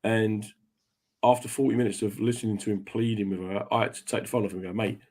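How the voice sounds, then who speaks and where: A man's voice: lowish voice, fairly even intonation, quick pace, darkish tone. A man hosting a radio show, telling stories in casual chat and doing the voices of the people he quotes. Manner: chatty, swaps into voices when quoting people.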